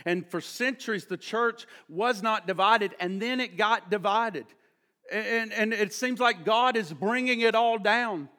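A man preaching to his congregation in a high, lifted voice. He tells stories in a rambling way, full of restarts, and his tone is bright and sharp-edged. His delivery is impassioned, dropping low and then climbing to shouts. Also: a little slow. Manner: impassioned, swings from hushed to shouting; storytelling with restarts and quoted voices. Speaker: pastor. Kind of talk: sermon.

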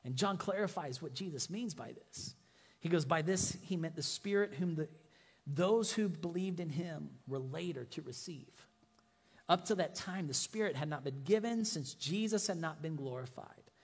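High-voiced man preaching in an echoey hall. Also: moderate pace, breathy edge. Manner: animated preaching, voice rising for emphasis and dropping low at line ends. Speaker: pastor. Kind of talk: sermon.

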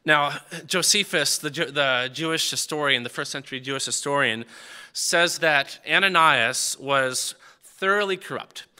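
Man, preacher, sermon, very bright tone, slightly high voice, stammering restarts. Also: measured pace, clean tone. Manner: conversational, frequent stammered restarts.

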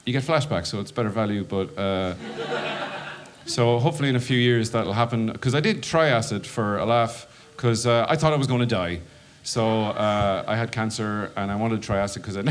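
An Irish man doing stand-up, telling a story and acting out his own panicked inner voice. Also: mid-range voice. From Ireland. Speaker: stand-up comedian.

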